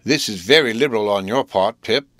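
A man's voice: on the low side, a bit bright, no room sound, studio quality, close to an everyday voice. A man doing an earnest rustic blacksmith. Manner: rustic, halting, formal-trying speech. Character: rustic good-natured male blacksmith, earnest and fumbling. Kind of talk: audiobook reading.

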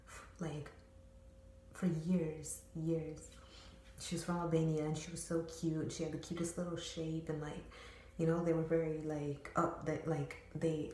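A young woman tells a story from home in a loose, rambling way. She swears freely and fills her talk with slang. Her voice sits on the low side, and the room gives it a noticeable echo. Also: darkish tone, a little hiss or hum. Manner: slangy, profane, filler-heavy rambling. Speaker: storytime vlogger. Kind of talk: casual storytelling. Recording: roomy echo.

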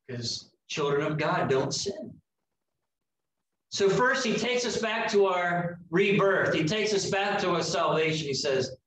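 A man preaching a sermon, slow and emphatic with dramatic pauses. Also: a little high, animated, fairly bright tone, a little hiss or hum. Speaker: pastor. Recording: echoey room heard from a distance.

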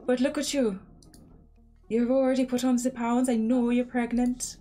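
A woman's voice: on the high side, flat delivery, normal speed, mellow, faint music behind, lightly acted. A woman voicing a suspicious, jealous husband in a put-on Irish accent, accusing and rambling in a game.

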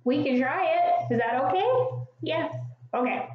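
A woman's voice: high-pitched, animated, measured pace, heavy reverb, muffled recording, heavy background noise. A woman hosting a preschool sing-along, singing and making playful animal sounds while she asks young viewers questions.

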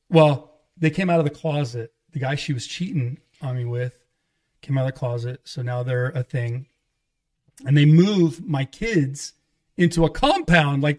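A man, a pastor guest on a podcast, telling a candid personal testimony in rambling casual talk and acting out the dialogue. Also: a little high. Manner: rambling storytelling with restarts, acting out quoted dialogue.

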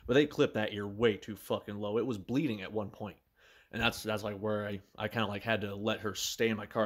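A man's voice: fairly low pitch, husky. A man vlogging casually into a phone camera, rambling and swearing heavily. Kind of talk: casual vlog talk.

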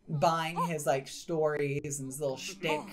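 A woman's voice: low voice, fairly even intonation, takes it slowly, a crowd in the background. A woman hosting casual gameplay commentary, telling the story in a chatty way with lots of "like" and "you know". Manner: chatty storyteller, filler-heavy "like". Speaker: gaming channel host.

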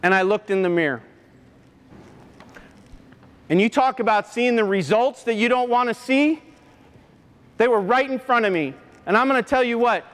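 High-voiced man telling a confessional story. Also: fairly bright tone. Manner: earnest, halting, confessional. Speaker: motivational speaker, former coach. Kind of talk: emotional personal storytelling to an audience. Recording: long hall reverb.

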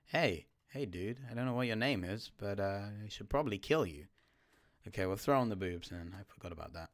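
A man giving live gameplay commentary, chatting to his teammate and swinging from quiet mutters to sudden startled yelps. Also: on the low side, expressive, brisk. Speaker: gaming YouTuber.

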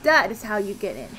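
Excitable high-voiced woman gaming. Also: heavy background noise. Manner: excitable, loud exclamations and gasps, casual swearing. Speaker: gaming video creator. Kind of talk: let's play commentary. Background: faint game music.

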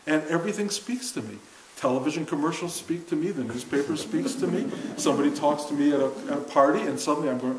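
A man's voice: a little high, quick pace. Older guy giving a casual spiritual talk to a class, earnest, laughs a lot, echoey room. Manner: earnest and conversational, often laughing. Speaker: spiritual teacher. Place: room with a seated audience. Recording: roomy echo with faint hiss.

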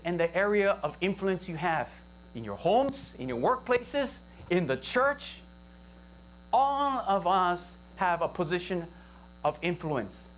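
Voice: mid-range voice, slight background noise. A pastor with a Hawaii local accent preaches a conversational sermon and keeps asking the congregation questions. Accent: Hawaii local English. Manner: conversational, asks the congregation for responses. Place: church service, live-streamed.

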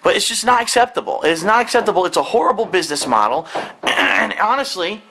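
A man's voice: sits high, sing-song, fast, bright, forceful tone, soft background music, rough recording. A man hosting a gaming video, seated indoors at home and delivering an angry, profane rant to the camera, swearing constantly with a heated, exasperated delivery.

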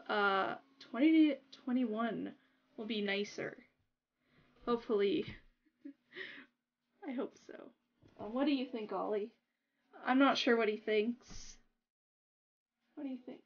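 A young woman chatting casually to her viewers while playing a game on a livestream, giggly and excitable. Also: a little high, creaky, lo-fi sound. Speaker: gaming livestreamer. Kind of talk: casual livestream chat over gameplay.

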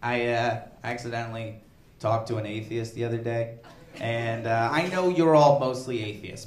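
A man doing stand-up comedy in a club, talking in an animated, profane, conversational way. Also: medium pitch, moderate pace, a little hiss or hum. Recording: echoey club with audience laughter. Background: audience laughter.

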